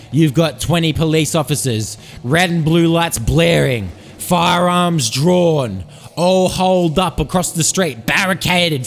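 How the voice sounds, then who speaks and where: A man's voice: a little high, fairly bright tone. A man hosting a podcast, telling a comic story in a rambling, profane, hyped-up way. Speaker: podcast host. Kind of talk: comedic storytelling monologue. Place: Sydney.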